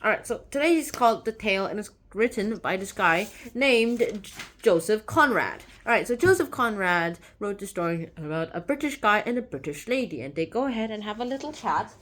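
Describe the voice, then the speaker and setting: A woman's voice: medium pitch, lively intonation, fairly quick, a bit bright. A woman hosting a book channel, casually retelling a short story in a chatty, rambling way with lots of fillers.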